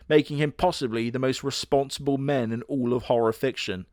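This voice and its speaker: Guy doing snarky crude commentary, dry close sound, deadpan. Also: mid-range voice, a little fast, few pauses, dry recording. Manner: sardonic, crude, deadpan jokes with put-on quote voices. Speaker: host. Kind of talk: comedic commentary narration.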